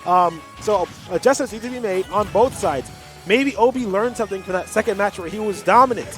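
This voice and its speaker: A male esports caster with a high voice talks through the match in an analytical way, pausing on ums and restarting his sentences. Game music plays clearly behind him on the stream audio. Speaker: tournament caster. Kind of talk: color commentary on a game match.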